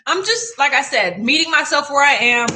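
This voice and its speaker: A woman hosting a casual keto livestream chat, talking in an animated way and laughing often. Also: high voice, normal speed, a little hiss or hum. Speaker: keto vlog host.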